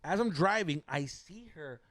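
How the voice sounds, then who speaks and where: A man's voice: on the high side, lively intonation, measured pace, fairly bright tone, dry recording. A young man co-hosting a podcast, telling a profane story animatedly and mixing Spanish slang into his English. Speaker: podcast co-host. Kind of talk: casual storytelling chat.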